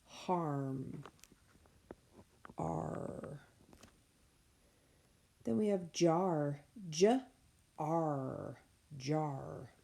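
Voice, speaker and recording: A woman teacher giving a recorded phonics lesson for children, slowly sounding out letters and words. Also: deep voice, gravelly, mellow. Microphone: tablet microphone.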